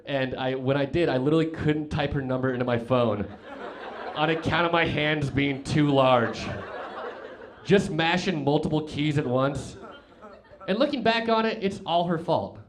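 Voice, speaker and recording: A man's voice: a little high, normal speed. A young man from Colorado doing a stand-up comedy set on a club stage, telling rambling, self-deprecating stories full of stammered restarts.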